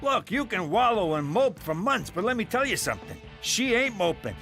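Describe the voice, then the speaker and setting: A man voicing a crude, much-divorced mobster uncle in an animated series, lecturing in a blunt way. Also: high-pitched, normal speed, soft background music, exaggerated voice.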